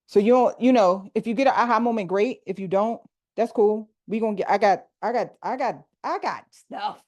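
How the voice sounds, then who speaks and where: Animated woman coaching a group call. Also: medium pitch, normal speed. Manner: animated, talks to the group directly with slang. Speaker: coach leading a group workshop. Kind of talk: casual teaching on a video call. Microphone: video call.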